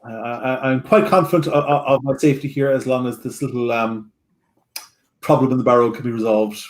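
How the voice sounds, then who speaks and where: A man's voice: medium pitch, fairly even intonation, fairly quick, slight background noise, lightly acted. A man voicing a stammering, flustered noblewoman. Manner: stammering, formal. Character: flustered noblewoman insisting she is safe. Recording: roomy echo.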